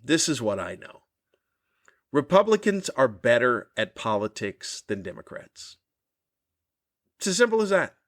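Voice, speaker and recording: A man's voice: mid-range voice, very animated, unhurried, pauses often. A man, a comedian hosting his own podcast, delivering a cranky, profane rant with exasperated, mocking questions. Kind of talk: ranting comedy monologue.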